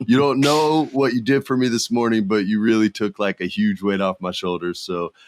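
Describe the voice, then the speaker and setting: A man's voice: lowish voice, fairly even intonation, moderate pace, dry recording. Slangy laid-back man, dry close sound. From United States. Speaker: podcast host. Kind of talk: casual chat.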